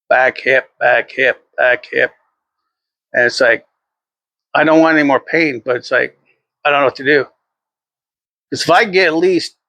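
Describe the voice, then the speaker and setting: A man's voice: medium pitch, creaky, bright, forceful tone, no room sound. A middle-aged man rambling through a casual vlog monologue, swearing freely and chuckling often. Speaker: vlogger.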